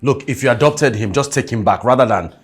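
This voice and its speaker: A man playing a calm husband who soothes and settles a quarrel. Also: mid-range voice, a little fast, natural voice. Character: calm wealthy male husband, peacemaker. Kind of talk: Nollywood film acting. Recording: film soundtrack with music underneath.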